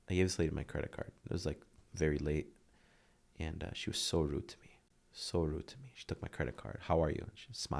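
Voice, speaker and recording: Talking about hard times as a podcast guest, a man in his 30s comes across earnest and heartfelt in this emotional interview. His very deep voice has a gravelly fry and frequently softens almost to a whisper in tender moments.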